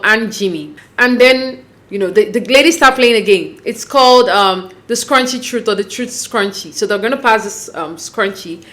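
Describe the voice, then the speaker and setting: Woman, casual chatty recap, lively quoting of others, slightly high pitch. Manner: chatty, animated, quotes cast members in asides. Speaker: recap vlogger.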